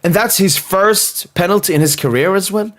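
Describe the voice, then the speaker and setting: A young man hosting a live football watchalong, reacting loudly and swearing at the match. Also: high voice, moderate pace. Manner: excitable, swears and shouts at the screen.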